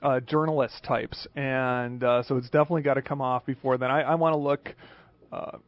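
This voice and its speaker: A man's voice: medium pitch, fairly even intonation, a little fast, no room sound. A man hosting a casual radio tech show, talking in a rambling, hesitant way full of fillers. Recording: dull lo-fi radio recording with music.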